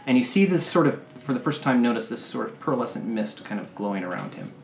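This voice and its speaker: A man narrates as game master for a tabletop game, spinning relaxed, descriptive scenes in a gravelly, mid-pitched voice at a quick pace. The room echoes noticeably, and faint music runs underneath.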